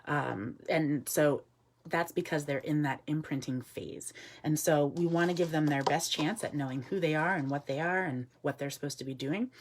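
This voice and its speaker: A wildlife educator with a low voice gives a relaxed live talk alongside an animal ambassador, using lots of ums. She answers viewers' comments and murmurs soft asides to the bird next to her.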